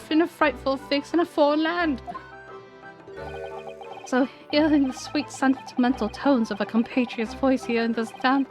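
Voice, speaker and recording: A woman's voice: high-pitched, pitched above the performer's own voice, natural voice. A woman voicing a dramatic young male foreign student, locked in prison, with a nasal put-on British accent and gushing, alliterative speech. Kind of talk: game dialogue read aloud.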